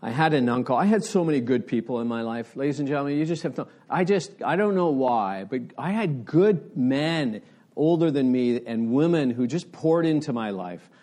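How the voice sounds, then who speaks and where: A man's voice: mid-range voice, animated, moderate pace, warm tone. A middle-aged man preaching a sermon in an earnest, conversational way with rising emphasis. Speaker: pastor.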